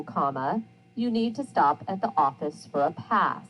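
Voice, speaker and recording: A woman teacher talks through a recorded grammar lesson in a lively, expressive voice that swings up and down in pitch. She enunciates each sound with care and reads her example sentences aloud with clear emphasis. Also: normal speed, soft background music, rough recording.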